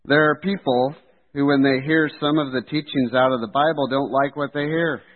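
A man's voice: medium pitch, moderate pace. Earnest male preacher, tinny sound. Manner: earnest, steady preaching delivery. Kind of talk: sermon.

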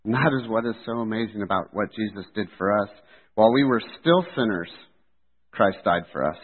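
A man preaching a sermon in an earnest, steady delivery. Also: on the low side, a little fast, slightly rough. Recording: tinny phone-like sound.

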